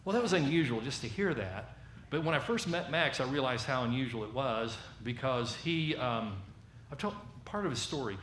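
A man with a Southern American accent preaching a sermon as a lively storyteller, acting out the voices of the people in his story. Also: mid-range voice, normal speed, hardly any pauses, roomy sound, a little hiss or hum.

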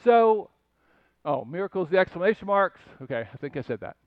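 Older male pastor, high voice, chatty sermon with asides; dry, slightly dull recording. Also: lively intonation, fairly quick, dry recording. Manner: conversational storytelling with asides and rhetorical questions.

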